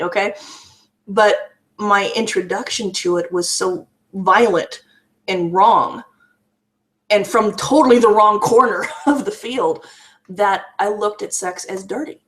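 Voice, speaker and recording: A woman giving candid personal testimony in a vlog, earnest and raw, often restarting and repeating her words. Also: medium pitch. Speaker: vlogger sharing a personal story.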